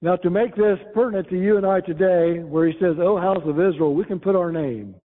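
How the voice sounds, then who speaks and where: A man preaching a sermon, reading scripture aloud and explaining it verse by verse, slowing down and rising when he quotes. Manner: rises in pitch when quoting scripture, slow and emphatic. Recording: tinny phone-like sound.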